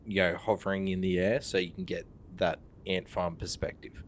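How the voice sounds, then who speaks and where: A laid-back man with a very deep voice chats casually over game voice chat. His answers are short and easy, broken up by chuckles, with a faint hiss of noise behind him. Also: flat delivery, moderate pace. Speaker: fellow player in voice chat.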